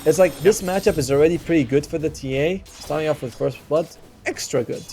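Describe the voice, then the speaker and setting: A man giving casual color commentary and analysis on an esports match. He talks in a chatty way, thinking out loud with fillers and quick exclamations. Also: a little high, a little hiss or hum.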